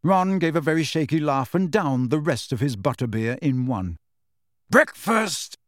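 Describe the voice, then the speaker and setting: A man narrating an audiobook in a measured, even storytelling delivery. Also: mid-range voice, no echo, studio quality.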